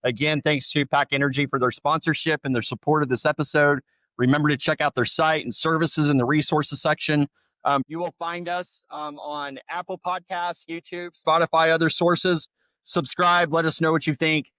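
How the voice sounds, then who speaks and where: A man's voice: on the high side, fairly even intonation, moderate pace, sharp tone, no echo. A man co-hosting a podcast, easygoing and chatty, wrapping up with thanks and sign-offs. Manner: easygoing, brief interjections. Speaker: podcast co-host.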